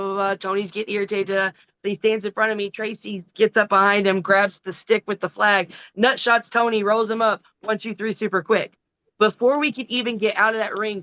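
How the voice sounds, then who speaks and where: A middle-aged woman, a wrestler, telling a long story in a casual, profane, animated way. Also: mid-range voice, no room sound, muffled recording. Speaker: wrestling guest.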